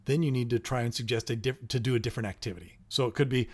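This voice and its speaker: A man's voice: mid-range voice, fairly even intonation, very fast, darkish tone, breathy edge. A middle-aged man co-hosting a casual parenting talk, explaining steps one by one and acting out sample phrases. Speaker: co-host, parent.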